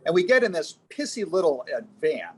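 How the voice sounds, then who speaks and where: Man, former TV reporter, guest, casual storytelling, halting and reflective, slightly higher pitch. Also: sing-song, slight background noise. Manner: halting, recollecting, pausing to find words.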